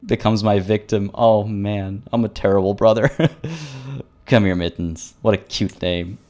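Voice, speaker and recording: Streaming a strategy game, a man playfully chats with viewers, reads event text aloud and jokes, often stumbling over and repeating words. His voice is on the low side, a little slow and mellow, with soft music behind it as he gives live gameplay commentary.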